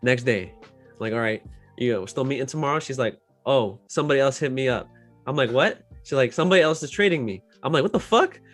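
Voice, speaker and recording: Man, show host, casual chat, filler-heavy, profane, sudden loud rants. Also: mid-range voice, fast talker, faint music behind. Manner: profane, lots of "like", mostly subdued with loud outbursts.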